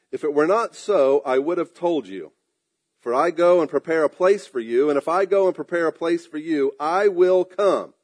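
A man preaching a sermon, drawing out emphatic phrases and dropping into quiet asides, clearing his throat now and then. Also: high-pitched. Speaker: pastor.

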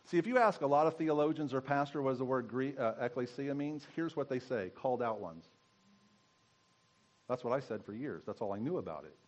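A man's voice: medium pitch, expressive, fairly quick, highs cut off. A man giving a conversational sermon as pastor, teaching and asking his congregation questions.

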